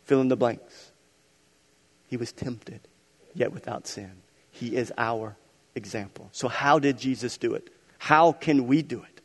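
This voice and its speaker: A man preaching a sermon as pastor, moving between loud emphatic stretches and soft, hushed passages. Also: mid-range voice, vocal fry. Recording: long reverb of a large hall.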